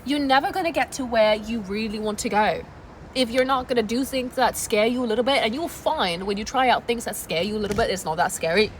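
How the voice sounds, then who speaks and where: Woman, motivational vlog talk, playful and emphatic, fairly high voice, noisy outdoor balcony. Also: a little fast. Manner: energetic, playful, emphatic repetition. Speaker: YouTuber. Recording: noisy outdoor ambience with traffic.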